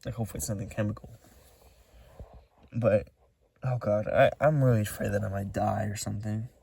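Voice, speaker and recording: A tired, short-of-breath man talking to camera in a halting, rambling monologue, full of restarts. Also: lowish voice, fairly even intonation, gravelly, mellow, slightly rough, recorded from a distance. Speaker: vlogger.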